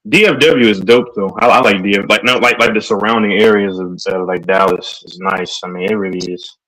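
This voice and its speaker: Teasing low-voiced man host. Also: a little fast, pushed and bright, poor audio. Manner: teasing, laughing banter. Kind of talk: casual sports chat.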